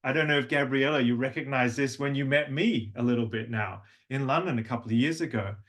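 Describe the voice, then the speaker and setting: Middle-aged guy w a faint australian accent, voice coach running a workshop, mid pitch, keeps demoing lines in a singsong way. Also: brisk. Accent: neutral, slight Australian. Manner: demonstrative, warm teacher who sings examples. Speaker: voice and language coach. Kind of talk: workshop teaching with vocal demonstrations.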